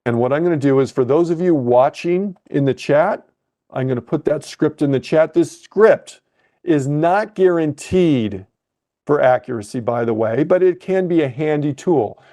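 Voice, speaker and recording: A man coaching a live webcast lesson, thinking aloud and correcting himself as he clicks through trading software. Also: on the high side, moderate pace.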